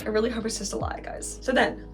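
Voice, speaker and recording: A young woman with a fairly high voice tells a storytime vlog from her bed, painting her nails as she goes. She rambles in a casual, animated way and swears in nearly every sentence. Soft music plays faintly behind her. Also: fast talker. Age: young adult. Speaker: vlogger. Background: faint background music.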